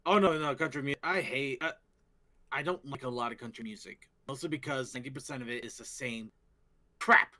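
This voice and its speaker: A man co-hosting a casual fan talk show, excitable and quick to swear, often restarting his sentences. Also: medium pitch. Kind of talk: casual chat.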